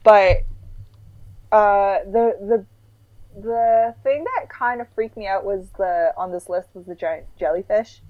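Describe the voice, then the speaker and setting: A woman's voice: mid-range voice, takes it slowly, dry recording, narrow, tinny audio. A young woman co-hosting a casual chat with friends, telling stories in a rambling way with lots of filler words. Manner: rambling storyteller with many "like" fillers.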